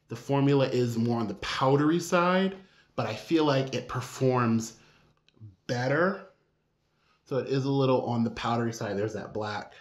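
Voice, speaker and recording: Guy gushing over eyeshadow swatches to camera, really expressive, roomy echo. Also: medium pitch. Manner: expressive, gushing, drawn-out exclamations. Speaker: beauty vlogger. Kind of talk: casual makeup review vlog. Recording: echoey room.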